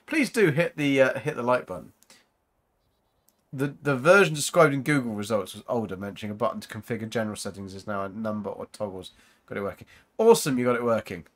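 Brief: gaming host, rambling casual commentary, animated pitch, mid-range voice. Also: male voice. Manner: rambling, chatty, talks to viewers.

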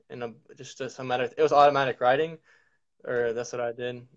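A man's voice: mid-range voice, fairly even intonation, fast, muffled recording. A man, a course student, talking earnestly and hesitantly with fillers in a casual chat.

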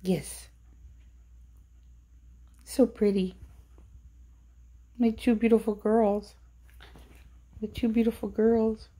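A woman's voice: fairly high pitch, fairly even intonation, extremely slow, pauses often, mellow. A woman filming her dogs at home and talking to them in sing-song baby talk. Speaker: dog owner filming her pets. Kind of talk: casual pet-talk vlog. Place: home, indoors.

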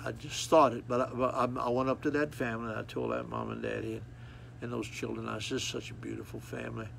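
An older man preaching a folksy sermon with a gravelly, forceful voice. He repeats himself and acts out little scenes as he goes. A faint noise sits under the recording. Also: mid-range voice, fast talker. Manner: folksy, repetitive, animated storytelling with acted child cries.

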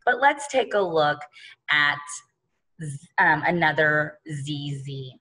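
A woman's voice: sits low, lively intonation, slow, pushed and bright, low-quality recording. A woman teaching an early-grade phonics lesson, patiently sounding out words letter by letter and speaking to the children as boys and girls.

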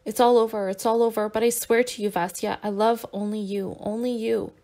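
A woman's voice: fairly high pitch, steady tone, a little fast, warm tone, natural voice. A woman voicing an impulsive young man who is emotional and imploring, in an audiobook. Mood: pleading.

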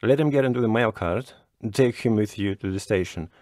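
A man's voice: fairly low pitch, fairly quick, a little mellow, no room sound, studio quality, natural voice. A man voicing a sleepy, fussy older male postmaster in a storybook reading, chatty and raising his voice as he sends the cart off. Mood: persuasive.

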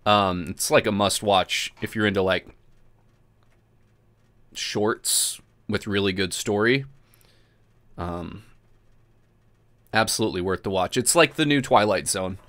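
A man's voice: on the low side, takes it slowly, pauses often, fairly bright tone. A man hosting a casual livestream, chatting loosely with viewers, swearing often and laughing as he talks. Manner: laid-back, swears often, laughs while talking. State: drinking beer, burps. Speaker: host.

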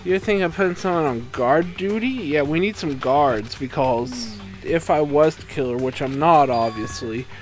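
A young man livestreaming a game, retelling the story in an animated, profane way and slipping into quick voices for the characters. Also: a little high. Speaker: streamer. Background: game music.

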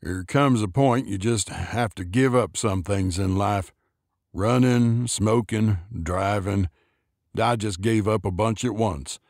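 A man doing Leon, a gruff, dangerous older man. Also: on the low side, slow pace, a little mellow, dry recording, studio quality. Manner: curt, clipped orders. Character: gruff, short-tempered older man, low and menacing.

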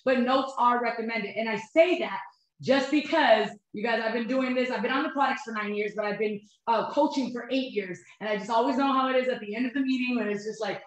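A nutrition coach in her thirties gives an upbeat, motivational webinar talk, speaking fast in a fairly high voice. She keeps checking in with "you guys" and "right?", and the room is very echoey.

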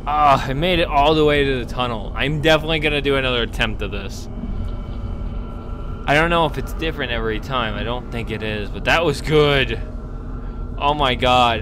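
Playing through a horror game, this young YouTuber keeps up panicky, jumpy commentary, bursting into screams and curses when he gets startled. He speaks at a medium pitch, and there's noise in the background.

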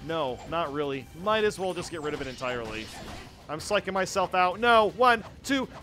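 Excitable young man yelling at a game. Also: on the high side, moderate pace. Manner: excitable, jokey, yelps at the game. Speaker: gaming YouTuber. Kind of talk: casual let's play commentary. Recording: faint game music behind.

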